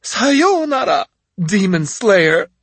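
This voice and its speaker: A shrill, sneering witch assassin who mocks her victims with lilting, swooping contempt, as a male audiobook narrator puts her on. The voice keeps a husky grain, recorded close and dry. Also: sing-song, takes it slowly, fairly bright tone, no echo, full character voice. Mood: mocking. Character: spiteful female witch assassin, mocking.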